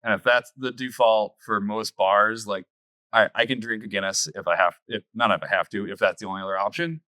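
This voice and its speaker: Frank, blunt brewer with a bright voice. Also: male voice, fairly low pitch, fairly even intonation, a little fast, no room sound. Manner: frank, blunt, swears casually. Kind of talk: casual podcast chat.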